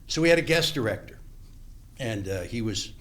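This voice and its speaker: An older actor appearing as a guest on a podcast interview recounts stories from his past in an animated way, acting out the dialogue he remembers and frequently restarting sentences. His voice is lowish and his pace moderate.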